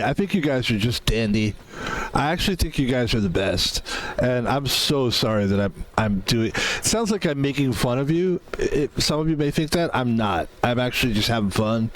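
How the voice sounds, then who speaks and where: A man's voice: medium pitch, big pitch swings, normal speed, slight background noise. A man casually commenting while playing a video game, rambling between jokes and swearing freely. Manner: rambling, profane, joking asides. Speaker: gaming YouTuber. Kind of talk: casual let's-play commentary.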